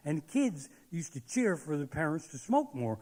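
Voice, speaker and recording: A man's voice: fairly high pitch, sing-song, moderate pace, darkish tone. A man doing a crude, swearing stand-up rant on a live theater stage. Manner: crude, swearing constantly, ranting. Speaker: stand-up comedian. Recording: long hall reverb.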